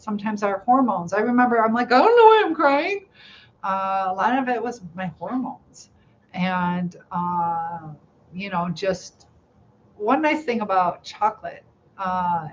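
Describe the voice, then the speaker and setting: Middle-aged woman hosting a casual live stream; soft, reassuring and inquisitive; slightly muffled lo-fi recording. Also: mid-range voice. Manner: gentle, reassuring, asks many questions. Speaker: live chat host. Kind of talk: casual live-stream chat reading comments. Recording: slightly dull lo-fi sound, faint room noise.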